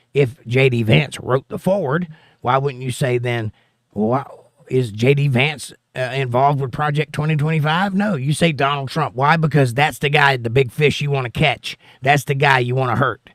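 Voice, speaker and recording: A man's voice: medium pitch, fairly bright tone, no room sound, studio quality. A man hosting a political livestream from the United States, reading chat comments aloud and answering them in an argumentative, sarcastic way.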